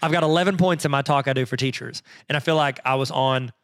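A man's voice: mid-range voice, quick pace, a bit bright, dry recording, studio quality. A man co-hosting a podcast in casual chat, joking and teasing his partner and laughing often. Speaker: podcast co-host.

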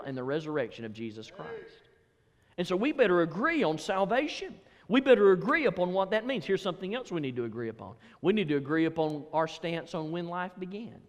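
A man's voice: sits high, in a large hall. A male pastor preaching a sermon in an emphatic style, repeating key phrases for stress.

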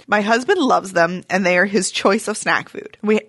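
A woman's voice: mid-range voice, normal speed, a bit bright, dry recording. A young woman co-hosts a podcast with a playful, teasing tone and a ready giggle. Her mid-range voice sounds dry and close to the mic. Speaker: podcast co-host. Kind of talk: casual chat.

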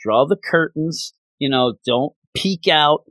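A man with a slightly higher voice walks through a comic issue in a loose, rambling way, full of "you know" and "like." The sound is close and dry, with no room around it. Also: expressive, takes it slowly, a bit bright, no echo. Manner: rambling, chatty retelling with fillers. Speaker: comic book reviewer. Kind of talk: casual spoken review.

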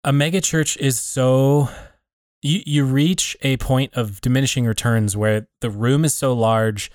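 A man in a relaxed conversation, thinking aloud about community and faith, often restarting and rephrasing as he works out his point. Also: medium pitch, unhurried, dry recording, studio quality. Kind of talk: reflective casual conversation.

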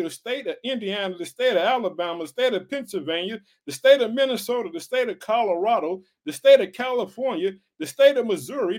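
A man from Illinois preaching an energetic podcast sermon, fervent and repetitive, calling out to his listeners again and again. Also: extremely high pitch. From Illinois, United States. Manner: fervent, repetitive calls of "guess what" and "hallelujah".

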